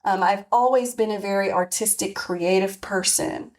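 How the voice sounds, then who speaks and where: A woman in her forties speaks at a moderate pace in a medium-pitched, darkish voice while hosting a podcast. It's a personal monologue, reflective and candid, with plenty of fillers and false starts.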